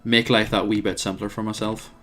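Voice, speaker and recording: A man's voice: on the low side, little pitch movement, brisk, a bit bright, faint music behind. Give me a man casually talking through a strategy game, wry and hesitant. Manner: thinks aloud, hesitant with frequent fillers, wry. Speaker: let's play host.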